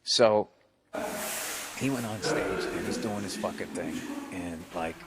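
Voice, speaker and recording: Profane, animated comedian telling stories. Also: male voice, low-pitched, slow pace, over a noisy crowd. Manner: profane, animated storyteller who acts out quotes. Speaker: stand-up comedian guest. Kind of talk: casual storytelling on a talk show.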